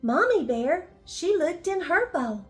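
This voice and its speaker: Grandmotherly woman reading a slow bedtime story. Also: very high-pitched, big pitch swings, soft background music. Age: older. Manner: gentle, asks the children questions.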